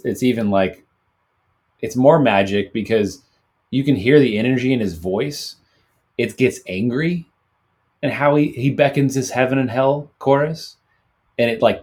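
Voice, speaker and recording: A young adult man co-hosting a casual music podcast, earnest and halting, with lots of "like" fillers. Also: on the low side. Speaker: podcast co-host. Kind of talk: casual chat about music.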